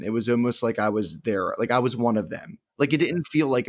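A man's voice: medium pitch, brisk, few pauses, no echo, clean studio sound. A man in his twenties co-hosting a podcast, talking casually in a rambling, earnest way over a call. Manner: rambling, filler-heavy, earnest. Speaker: podcast co-host. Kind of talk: casual chat.

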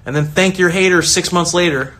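Energetic man giving pep talk. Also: sits high, fairly quick, a little hiss or hum. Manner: energetic, acts out quoted voices, rambling restarts. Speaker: soccer coach and online creator. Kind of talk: casual motivational talk.

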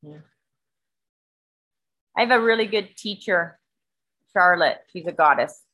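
A woman's voice: on the low side, unhurried, sharp tone, a little hiss or hum, poor audio. A woman in casual conversation, talking earnestly and often restarting her sentences. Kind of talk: casual chat.

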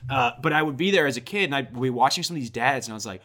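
Young dude on a podcast, bright punchy voice, rambling animated stories, swears a bunch. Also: male voice, mid-range voice, rapid-fire. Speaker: podcast co-host. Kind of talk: casual chat.

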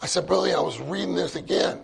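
Gravelly husky man telling a sermon story. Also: high-pitched, fast. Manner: conversational anecdote with quoted dialogue and laughs. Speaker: church speaker.

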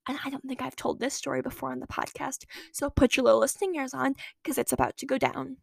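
A teenage girl hosting her own podcast, telling a story in a chatty, animated way that jumps from loud lines to whispered asides. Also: high-pitched, fast, creaky, no room sound, clean studio sound. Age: late teens. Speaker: podcast host. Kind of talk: casual storytelling monologue.

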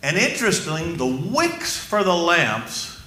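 A man preaching a sermon as pastor, emphatic and slowing down for key phrases while asking the congregation questions. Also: fairly high pitch, big pitch swings, bright, forceful tone, echoey room.

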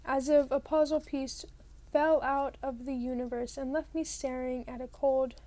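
A woman's voice: high voice, steady tone, normal speed, dark tone. A woman reading a novel aloud in the first person, narrating plainly and now and then rereading a line. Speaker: audiobook reader.

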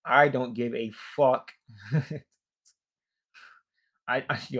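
A weary young man vents in a loose, profane rant, sighing and trailing off between bursts of frustration. His voice sits at an ordinary middle pitch, tired and worn down. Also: steady tone, extremely slow, fairly bright tone. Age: young adult. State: fatigued. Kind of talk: casual rant.

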